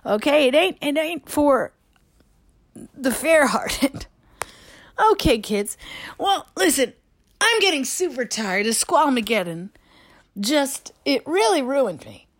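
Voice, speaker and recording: A woman doing a hoarse rambling old stage diva. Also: high voice, very animated, slow, long pauses, no echo, clean studio sound, full character voice. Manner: rambling, dramatic, drifts between topics, drops to a whisper. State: hoarse, tired. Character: aging diva stage star, tired, rambling, theatrical. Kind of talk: comic voicemail impression. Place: lying in bed at home.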